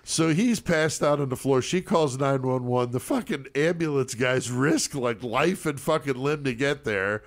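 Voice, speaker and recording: A man, co-hosting a podcast and telling a profane story in a lively way, and he mimics the voices of the people in it. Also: mid-range voice, a little slow, creaky, few pauses. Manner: animated, profane, mimics voices in his stories. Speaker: podcast co-host. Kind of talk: casual storytelling.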